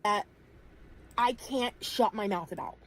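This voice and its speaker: A woman's voice: mid-range voice, measured pace, slight background noise, rough recording. A woman giving heated, blunt commentary, swearing often and leaning on fillers. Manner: blunt and profane, frequent fillers. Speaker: streamer in a clipped commentary segment.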